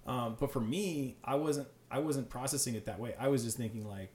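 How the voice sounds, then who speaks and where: Fast-talking man in an echoey room. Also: medium pitch. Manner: fast, animated storytelling with many fillers. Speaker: high school teacher, podcast guest. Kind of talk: casual chat.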